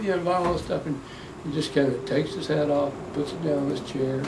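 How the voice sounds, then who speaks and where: An older man tells family stories in an animated, rambling way, often restarting his sentences. His voice sits a little high for a man. He is recorded from some distance, with a faint hiss behind him. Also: brisk. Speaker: interviewee. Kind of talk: oral history storytelling. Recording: distant mic with faint background noise.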